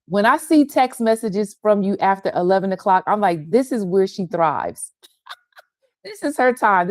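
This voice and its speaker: A woman's voice: medium pitch, a little mellow, no room sound. A middle-aged woman leads a casual online women's gathering from her sun porch. She talks to viewers over a video call, greeting each by name with affectionate enthusiasm. The sound is dry, with little room around her voice. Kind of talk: casual welcome and chat with viewers.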